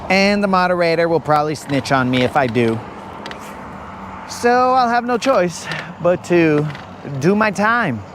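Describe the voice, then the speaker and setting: Man, fishing stream host, unhurried teasing banter, higher voice, light background hum outdoors. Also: expressive. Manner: joking, teasing, playfully rambling. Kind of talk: casual live-stream chat to viewers. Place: outdoors on a lake.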